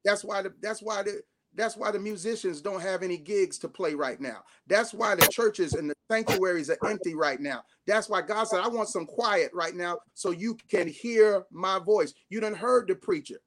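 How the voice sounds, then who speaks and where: A man preaching a sermon as bishop, swinging from loud rising shouts down to hushed slow phrases, with a Southern Black way of speaking. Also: high voice, a crowd in the background. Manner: call-and-response preaching, rising to shouts then dropping to hushed tones.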